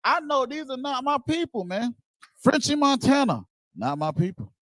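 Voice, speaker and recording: Man, blunt casual preacher, high voice, dry close sound. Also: moderate pace, no room sound. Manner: animated, blunt, swears casually, laughs and shouts at times. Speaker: speaker on a religious group's show.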